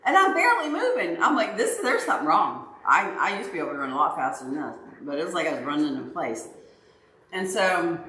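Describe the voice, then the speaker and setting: Animated woman telling a story to chat. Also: lowish voice. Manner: animated, acts out her own yelling. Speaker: livestream host, dog owner. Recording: roomy echo, faint background noise.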